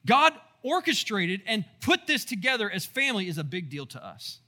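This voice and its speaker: A pastor with a drawl delivers a lively sermon, telling stories and tossing questions to the congregation. His voice sits high for a man and rings very bright and forceful. He keeps it animated with asides. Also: moderate pace. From Texas.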